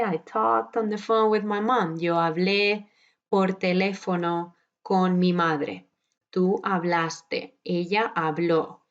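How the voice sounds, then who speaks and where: Slow, patient woman teaching a class. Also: on the low side, muffled recording. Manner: patient, explains step by step, slows down to model Spanish words. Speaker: Spanish teacher. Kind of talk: recorded lecture over slides.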